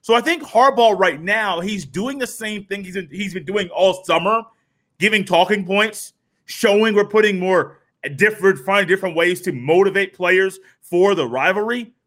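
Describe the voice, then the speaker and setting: This is a man talking sports with a co-host, and he sounds strongly opinionated and emphatic. His voice sits high and comes across bright and forceful. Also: moderate pace. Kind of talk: casual sports talk commentary.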